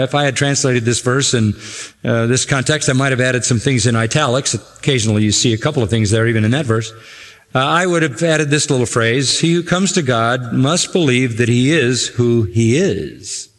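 A man's voice: mid-range voice, a bit bright. Emphatic preacher man in a reverberant hall. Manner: emphatic, repeats key phrases with slow deliberate stress. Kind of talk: sermon.

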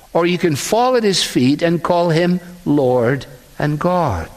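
A man delivers a sermon, his voice sitting a little higher than most. He speaks earnestly and at a measured pace, often slipping into quoted speech. The sound carries a long echo from a large church hall. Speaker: pastor.

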